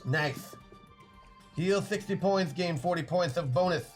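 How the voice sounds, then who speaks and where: Playful male player, high voice, joking self-mockery. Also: unhurried, faint music behind. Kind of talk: casual tabletop play.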